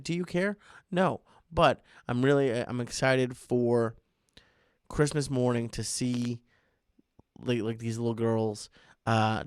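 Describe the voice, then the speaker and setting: A man's voice: mid-range voice, smooth, dry recording, studio quality. A man in his thirties hosting a casual solo podcast, rambling with jokey, self-deprecating asides. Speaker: podcast host.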